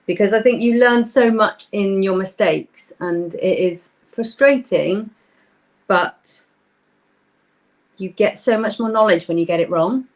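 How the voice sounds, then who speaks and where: A young woman hosting a live craft workshop, chatting casually and greeting viewers by name while she works. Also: fairly low pitch.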